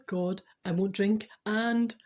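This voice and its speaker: A woman's voice: mid-range voice, steady tone, slow pace, a little mellow. Scottish woman voicing a panicked man pleading with God. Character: panicked man praying with foot stuck.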